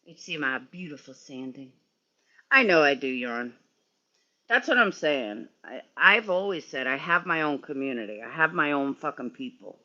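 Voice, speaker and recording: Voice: medium pitch, lively intonation, moderate pace, sharp tone, muffled recording. A sleepy, yawning streamer rambling and swearing in casual chat with viewers while working in a garage. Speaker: livestreamer.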